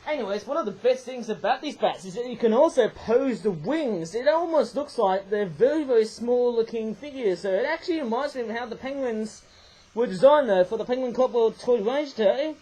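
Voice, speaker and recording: A man's voice: extremely high pitch, animated, normal speed, dark tone, breathy edge, low-quality recording. A man rambling through a casual toy review at home, often tagging lines with "eh" and correcting himself. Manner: rambling, tag questions with "eh", frequent self-corrections. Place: home room with a toy train layout.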